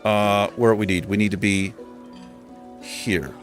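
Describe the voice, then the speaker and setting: A man's voice: fairly low pitch, slow pace, soft background music. A man hosting a livestream in a casual chat, self-mocking and chuckling often as he fumbles over pronunciations. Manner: animated, struggling over pronunciation. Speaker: livestream host.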